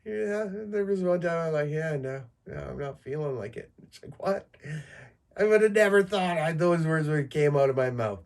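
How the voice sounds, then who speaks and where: A man's voice: on the high side, lively intonation, normal speed. Crude rambling man in his thirties. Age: 30s. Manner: crude, rambling, jokey with frequent fillers. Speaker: podcast host. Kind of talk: solo casual monologue.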